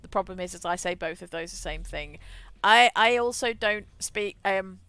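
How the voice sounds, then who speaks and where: Clear, resonant and fairly bright, her mid-range voice moves at a moderate pace with no echo. This woman streamer talks casually as she games, self-deprecating and laughing a lot, and because of a childhood stutter she often starts over.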